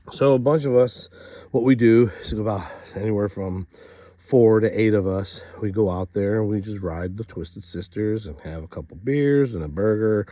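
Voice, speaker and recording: Gravelly, animated male storyteller. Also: lowish voice, no room sound, studio quality. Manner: animated, jumps between hushed asides and loud acted quotes. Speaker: storyteller host. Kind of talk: comic storytelling to camera.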